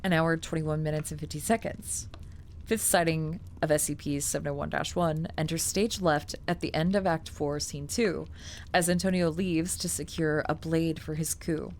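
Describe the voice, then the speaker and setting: A woman's voice: deep voice, fairly even intonation, normal speed, darkish tone, a little hiss or hum. A woman streamer reading a document aloud, breaking off into chatty, filler-heavy asides and casual swearing.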